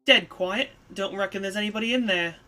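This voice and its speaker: A woman's voice: medium pitch, a little fast, bright, forceful tone, faint music behind, lightly acted. A woman voicing a brash young female thief who talks bluntly and cockily while reading a game aloud. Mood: scoffing. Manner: blunt, cocky, rough slangy talk.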